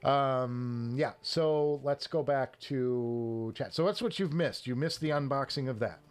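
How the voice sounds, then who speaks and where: A man's voice: mid-range voice, unhurried, clean tone. A man hosting a casual live stream, rambling with restarts and short laughs as he talks about headphones and reads the chat.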